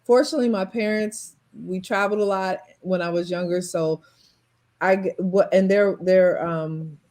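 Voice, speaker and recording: A woman's voice: fairly low pitch, steady tone, normal speed, darkish tone. An American woman who works in leadership development, speaking thoughtfully and emphatically on a video call. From United States. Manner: thoughtful, emphatic, repeats for stress. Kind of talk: casual online panel chat.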